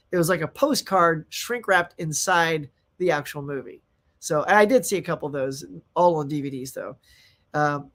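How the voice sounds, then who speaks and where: A man hosting a casual live chat show, rambling and animated, reading out viewer comments and laughing often. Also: sits high. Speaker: livestream host.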